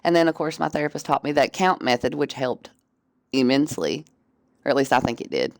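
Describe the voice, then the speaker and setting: Woman streamer, deep voice, candid, swears freely, dry close sound. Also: lively intonation, no room sound. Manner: candid and profane, quick laughs. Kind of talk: casual chat.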